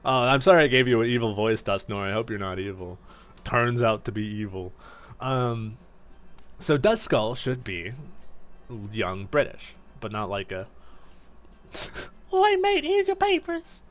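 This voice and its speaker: A man's voice: on the low side, normal speed, a bit bright. A man giving casual, rambling commentary while streaming a game, laughing at himself. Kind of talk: casual let's-play commentary.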